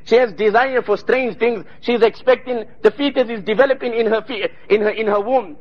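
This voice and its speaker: A man's voice: very high voice, a little fast, highs cut off. A man preaching a sermon, retelling stories with fervour and quoting Arabic phrases. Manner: fervent storytelling, quoting Arabic.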